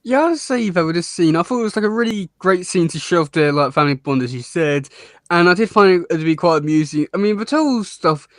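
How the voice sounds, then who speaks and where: Guy cohosting a show review, kinda high voice, keeps restarting his sentences, laughs a lot, dry sound. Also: lively intonation, fairly bright tone, dry recording. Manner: halting, many restarts and fillers, laughs often. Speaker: podcast co-host reviewing a cartoon episode. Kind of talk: casual review chat.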